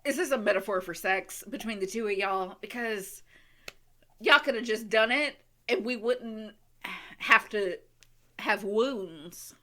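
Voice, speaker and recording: A woman hosting a reaction video, excitably talking back to the screen and gushing emotionally in casual commentary. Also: medium pitch, unhurried, soft background music.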